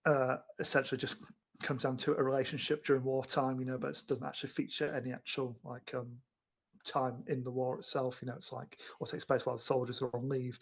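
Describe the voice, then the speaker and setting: A man chatting casually about old films, rambling with many restarts and fillers. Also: mid-range voice. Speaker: film podcast co-host. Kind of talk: casual film discussion.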